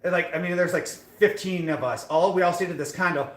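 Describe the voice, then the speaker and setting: Young guy streaming, rambles fast, lots of likes and ums, echoey room. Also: high-pitched. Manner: rambling, self-deprecating storytelling with many fillers. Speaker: fitness streamer. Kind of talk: casual live-stream chat.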